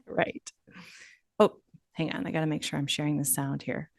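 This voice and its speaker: A woman's voice: deep voice, unhurried, creaky, no room sound. Chatty woman podcast host, dry sound. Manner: animated, chatty, laughs while telling stories. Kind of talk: casual chat.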